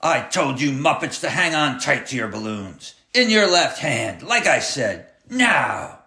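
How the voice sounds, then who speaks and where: A man's voice: mid-range voice, expressive, unhurried, fairly bright tone, pitched above the performer's own voice. A man voicing a cruel, taunting male clown who drives a school bus, barking orders in a sneering way. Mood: menacing. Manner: sneering, bossy, barking threats. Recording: roomy echoey room.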